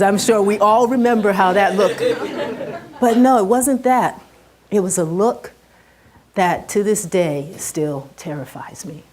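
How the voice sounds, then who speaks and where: Middle-aged woman on stage telling a personal story, mellow earnest voice, swings up and down with feeling. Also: mid-range voice. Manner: earnest and heartfelt, rises and drops sharply with emotion. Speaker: speaker giving a talk. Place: stage before a live audience.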